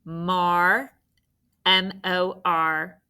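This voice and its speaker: A woman's voice: fairly low pitch, level tone, very slow, sharp tone, clear, resonant tone. A young woman teaching a spelling lesson by video, patient and encouraging, spelling words out letter by letter.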